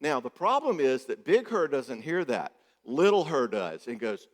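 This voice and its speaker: A man's voice: medium pitch, very animated, moderate pace, hardly any pauses. A man gives a joking, conversational conference talk as a marriage therapist, often checking in with the audience. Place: church hall. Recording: echoey church hall.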